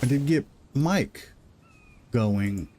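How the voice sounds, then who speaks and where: This middle-aged gaming streamer speaks extremely slowly in a mellow, mid-range voice with lively intonation. At his home desk mic, he rambles through live gameplay commentary, self-deprecating about how he's progressing.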